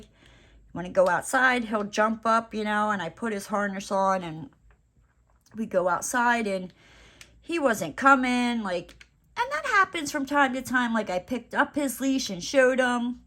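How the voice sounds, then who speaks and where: A woman's voice: fairly high pitch, a bit bright. A woman vlogger chatting casually while she crafts, rambling with lots of fillers and playful asides.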